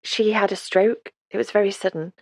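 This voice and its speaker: A woman's voice: mid-range voice, fairly even intonation, moderate pace, dry recording, natural voice. A woman voicing a polite, earnest young woman in her late twenties in an audiobook reading.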